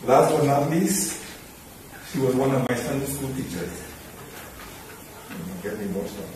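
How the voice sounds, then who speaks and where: A man's voice: mid-range voice, lively intonation. Emotional man in echoing church. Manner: halting, emotional, often quiet. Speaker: mourner giving a tribute. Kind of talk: spoken eulogy. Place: large church hall. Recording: echoey church from far off, noisy.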